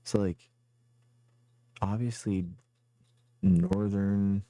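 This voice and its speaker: A man's voice: fairly low pitch, little pitch movement, drawn-out words, warm tone, no echo. A man streaming a guessing game live, rambling and thinking aloud as he plays. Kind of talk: casual live game commentary.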